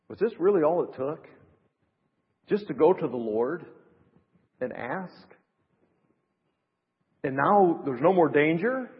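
A middle-aged man preaching a sermon as pastor, building to emphatic rising phrases and dropping to soft asides. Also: fairly high pitch. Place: church. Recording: reverberant, dull church recording.

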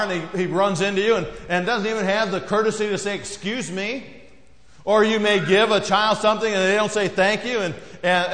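A male pastor delivers a sermon in a slightly raised voice. He preaches conversationally, often dropping low and soft to hammer a point home. The sound rings around a roomy church hall with a long tail. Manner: conversational preaching, acts out quoted voices, drops low and quiet for emphasis. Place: church sanctuary.

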